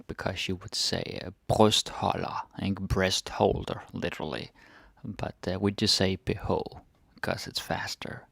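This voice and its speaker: A Danish language teacher with a very low, gravelly voice runs a lesson, drilling words one at a time with their translations. He goes slowly, repeats each word and tags phrases with "eh?" and "ikke?". The sound is dry and close, with no room sound.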